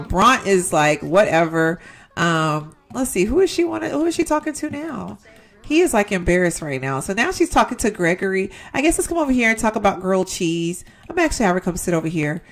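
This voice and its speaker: A young woman chats through her gameplay, addressing her viewers directly and reacting out loud to each moment. Her pitch rises and falls a great deal, giving her talk a lively, animated swing. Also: brisk. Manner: chatty, talks to viewers as "y'all", exclaims at the game. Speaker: gaming YouTuber. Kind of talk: casual let's-play commentary.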